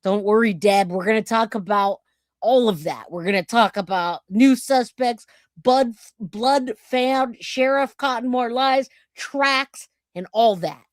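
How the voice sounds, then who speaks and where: A man's voice: very high-pitched, unhurried, no echo, studio quality. A man hosting a casual true-crime livestream, chatting with viewers and thanking donors by name. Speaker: livestream host.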